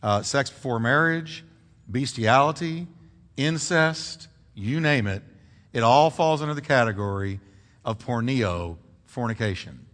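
A man preaching a sermon as pastor, animated, drawing call-and-response from the congregation. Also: fairly high pitch. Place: church sanctuary. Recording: reverberant church hall.

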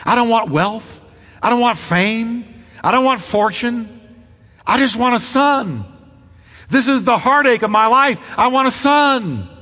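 A man's voice: very high voice, lively intonation, a little slow, bright, forceful tone, long reverb tail, pitched above the performer's own voice, full character voice. A man preaching, voicing a desperate woman who pleads for a son with repeated cries. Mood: pleading. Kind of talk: sermon.

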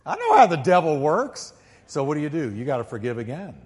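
A male pastor preaching a sermon emphatically, swinging from quiet, low asides to loud, ringing peaks and calling on the congregation to repeat after him. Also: huge pitch swings, a little fast. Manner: calls on the congregation to repeat lines. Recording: long hall reverb.

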